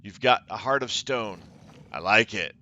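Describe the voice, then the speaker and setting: A man's voice: fairly low pitch, normal speed, bright, forceful tone, clean tone, muffled recording. A man voicing a cruel, taunting female cult leader while reading game dialogue aloud, with mocking theatrical delivery.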